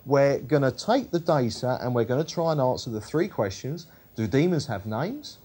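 Man giving a lively Bible study. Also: medium pitch, moderate pace, breathy edge. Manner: reads scripture aloud, then explains in a conversational way; corrects himself on the fly, with frequent ums and uhs. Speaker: Bible teacher.

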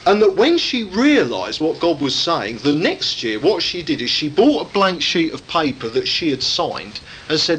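Male preacher, high voice with a lively, swooping delivery; emphatic sermon style, keeps pressing rhetorical questions. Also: moderate pace, few pauses, a little hiss or hum, low-quality recording.

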